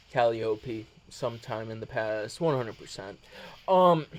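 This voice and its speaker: Casual male vlogger, unhurried, meandering, swears freely. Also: medium pitch, fairly bright tone. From United States. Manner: hesitant, full of filler ums, profane. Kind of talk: casual rambling monologue.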